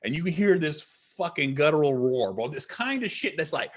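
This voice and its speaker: A man's voice: a little high, big pitch swings, a little fast. A man, a podcast guest, tells a rambling story in casual chat, swearing constantly and hammering his points. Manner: profane, rambling, emphatic.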